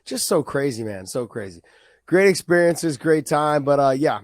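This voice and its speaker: A man co-hosting a podcast, chatting in a loose, excitable way with plenty of swearing. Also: a little high, normal speed, dry recording. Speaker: podcast co-host. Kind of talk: casual chat.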